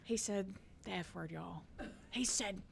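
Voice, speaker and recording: The recording is very noisy as a podcast co-host with a gravelly, medium-pitched voice tells a funny family story at a measured pace. She laughs through it, animated and casual.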